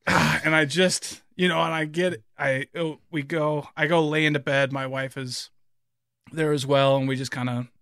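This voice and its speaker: A man's voice: on the high side, fairly even intonation, moderate pace, creaky, fairly bright tone, clean tone, no room sound, clean studio sound. A man in his thirties chatting casually as a podcast co-host, telling stories with many fillers and restarts. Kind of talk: casual chat.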